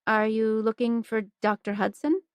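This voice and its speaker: A woman's voice: fairly high pitch, moderate pace, clean tone, no echo, clean studio sound, lightly acted. A woman reading as an anxious young orphan. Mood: tentative. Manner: urgent, breathless.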